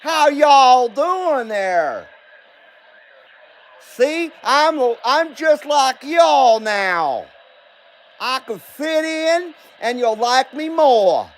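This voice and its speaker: Brief: a man putting on a hammy Southern good ol' boy, slow and high. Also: big pitch swings, heavily acted. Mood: folksy, hammy. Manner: slow, hammed-up drawl with hollers. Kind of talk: livestream radio banter.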